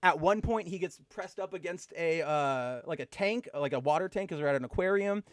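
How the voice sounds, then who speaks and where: A man co-hosting a podcast, chatting casually and excitedly, full of fillers and gushing asides. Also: a little high, fairly quick, dry recording, clean studio sound. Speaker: podcast co-host. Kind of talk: casual comic book chat.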